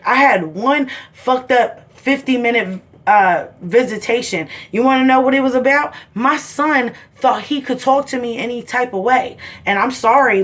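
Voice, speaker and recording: A woman's voice: on the high side, a bit bright. A mother of seven ranting to the camera in a heated, blunt way, swearing constantly. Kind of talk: angry personal video rant.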